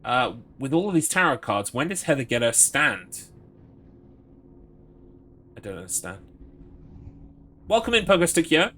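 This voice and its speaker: A man's voice: medium pitch, sing-song, measured pace, pauses often, sharp tone. A young British man streaming a horror game, reading item text aloud and joking with his chat. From Britain. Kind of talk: casual game commentary.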